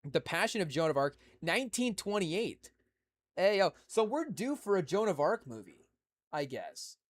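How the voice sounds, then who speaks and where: A man hosting a podcast, rambling loosely with lots of "you know" and "again" and frequent restarts as he talks to his chat. His voice sits a little above the usual male pitch. It is recorded close and dry. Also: big pitch swings, unhurried, no echo. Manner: rambling, many fillers and restarts; talks to a live chat audience. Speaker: podcast host. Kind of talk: casual solo chat.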